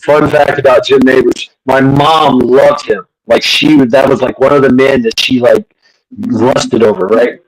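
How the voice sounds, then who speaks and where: Middle-aged man, casual host, crude rambling talk, frequent restarts, mid-pitched voice. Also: fairly even intonation, unhurried, poor audio. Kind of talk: casual livestream chat.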